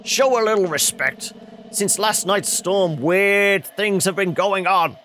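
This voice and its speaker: A man's voice: high voice, slow, sharp tone, a little hiss or hum, pitched above the performer's own voice, full character voice. A man reading a game's lines as a stern cemetery guard warning children away.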